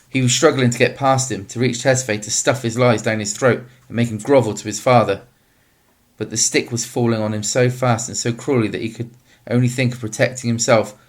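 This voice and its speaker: Man reading a novel aloud, steady. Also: medium pitch. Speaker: audiobook narrator.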